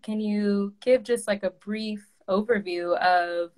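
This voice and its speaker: A woman's voice: medium pitch, fairly even intonation, slow pace, a little mellow. A woman in her twenties, a graduate student hosting a casual live video interview, friendly and full of fillers.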